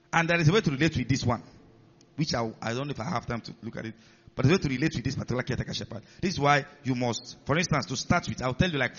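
A man's voice: mid-range voice, fairly bright tone, dull audio. Male preacher in an echoing hall. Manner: teaching with rhetorical questions to the congregation. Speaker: pastor. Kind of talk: sermon.

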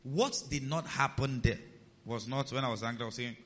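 A man preaching a sermon, animated, swinging between loud emphasis and quiet asides and asking his congregation questions. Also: mid-range voice, fairly quick. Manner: animated preaching, rising and dropping in loudness, asks the congregation questions. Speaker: pastor. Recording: reverberant hall, dull sound.

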